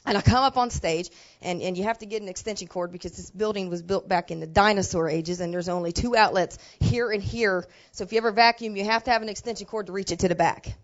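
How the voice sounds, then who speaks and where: A woman pastor telling a personal story in a sermon, talking in a plain, colloquial way that drops to quiet asides and rises to loud emotional bursts. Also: mid-range voice, quick pace, hardly any pauses, lo-fi sound. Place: church sanctuary.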